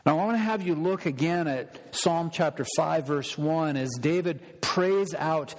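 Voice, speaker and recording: A man's voice: fairly high pitch, unhurried, few pauses. A male pastor preaching a sermon in an emphatic style, repeating words as he stresses a point. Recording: long reverb of a large hall.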